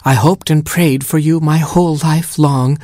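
Storybook baboon queen, self-absorbed and whiny, done by a husky man pitched up, squeaky at the peaks. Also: normal speed, dry recording, clean studio sound. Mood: tender. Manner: whiny, dramatic, rising into high squeaks.

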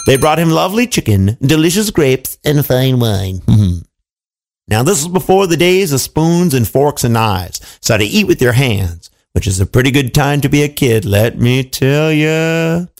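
Animated, gravelly male storyteller. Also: mid-range voice. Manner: animated, playful asides to listeners. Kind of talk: children's storytelling.

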